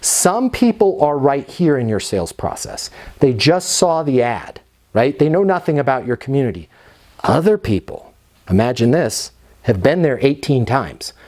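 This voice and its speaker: A middle-aged man giving an energetic, emphatic sales training talk, sometimes acting out both sides of phone calls. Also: medium pitch, moderate pace. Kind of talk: instructional talk with role-played phone calls.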